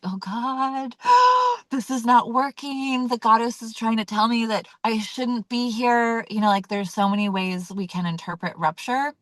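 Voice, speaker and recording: A woman's voice: mid-range voice, fairly bright tone, no echo. A woman leading a weekly community call, talking casually and candidly with many fillers and acting out her own reactions. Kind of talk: casual teaching talk.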